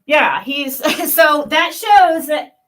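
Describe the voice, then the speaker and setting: A middle-aged woman talks straight to her camera in a high voice, reacting to her online critics. Her tone is sharp and bright, and she swears freely as she rants. She drops to an irritated mutter, then climbs back up to yelling. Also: sing-song, very slow. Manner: heated, swears a lot, swings between muttering and yelling. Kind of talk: profane reaction rant.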